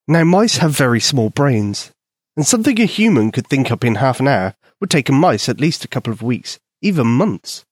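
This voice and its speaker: Expressive male storybook narrator. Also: medium pitch, moderate pace, no room sound, clean studio sound. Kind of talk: children's bedtime story narration.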